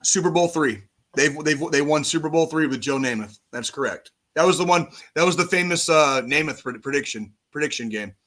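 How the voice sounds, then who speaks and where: A man in his forties, a podcast co-host, talking football in casual chat, profane and animated, on a call mic. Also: a little high, a little fast. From United States. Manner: profane, animated sports ranting.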